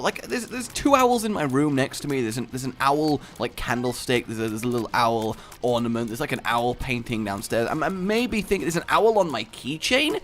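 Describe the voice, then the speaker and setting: A man's voice: mid-range voice, a bit bright. A man giving casual gameplay commentary, rambling into playful tangents and jokes, with frequent stammered restarts. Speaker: video game commentator.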